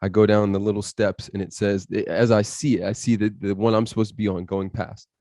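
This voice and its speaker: A man's voice: lowish voice, flat delivery, a little fast, dark tone, dry recording. A man telling an intense personal story as a podcast guest, acting out his inner voice and other people as he goes.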